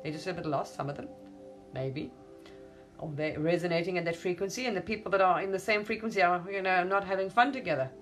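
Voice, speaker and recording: Speaking fast in a lowish voice over faint background music, a woman rambles on as a spiritual teacher. Her manner is gushing: she keeps repeating words of wonder like "wow" and "amazing" and frequently breaks into laughter.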